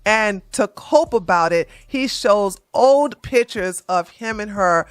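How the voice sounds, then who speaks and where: A woman's voice: mid-range voice, expressive, takes it slowly, clean tone, no echo. A woman hosting a comedic commentary video, reading tweets aloud and answering them in a blunt, mocking way. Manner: blunt, mocking, talks straight back at the person she covers. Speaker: commentary channel host.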